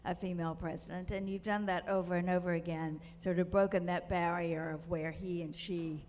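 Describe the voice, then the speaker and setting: A woman moderating a panel, putting a question to a guest in a measured way with many fillers. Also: lowish voice, fairly even intonation, a little mellow. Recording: reverberant hall with faint ambience.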